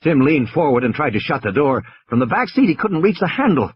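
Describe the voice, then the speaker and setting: A man's voice: fairly high pitch, big pitch swings, a little fast, breathy edge, dull audio. A man narrating an audiobook with a tense, dramatic delivery.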